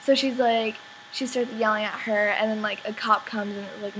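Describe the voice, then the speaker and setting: A woman's voice: medium pitch, steady tone, normal speed, a bit bright, slight background noise, rough recording. A teenage girl, telling a story in a casual vlog, rambling and full of "like". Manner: rambling, many "like" fillers. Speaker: vlogger.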